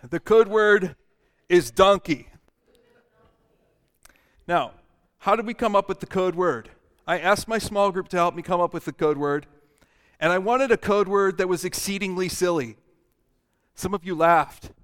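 Playful pastor in a reverberant hall. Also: male voice, high voice, moderate pace, a bit bright. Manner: playful, laughing, mimics voices. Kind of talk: sermon. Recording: long church hall reverb.

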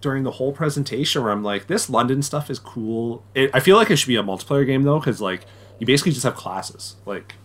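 A young man co-hosting a podcast talks fast and expressively in a medium pitch. His casual conversation rambles, full of fillers and repeated restarts.

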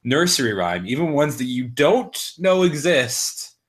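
A man's voice: on the high side, big pitch swings, measured pace. A man in his thirties co-hosting a podcast, telling stories with profane jokes and frequent laughs. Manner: joking, profane, laughs often. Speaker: podcast co-host. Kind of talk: crude casual podcast banter.

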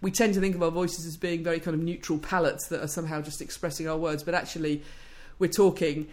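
Researcher guest, woman, low voice, thoughtful, fluent, many restarts. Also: level tone, fast talker, darkish tone. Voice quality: low-pitched voice. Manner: thoughtful, fluent with frequent restarts and "you know". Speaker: speech scientist guest. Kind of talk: interview, explaining research.

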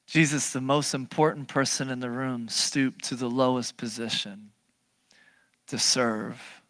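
A preacher delivering a sermon in an animated, emphatic way, pressing the listeners with question after question. The voice sits in a middle register and moves between loud bursts and hushed, low stretches. The recording is dry and close, with no room echo. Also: measured pace. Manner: animated, emphatic, asks many rhetorical questions; swings from loud bursts to low, quiet passages.

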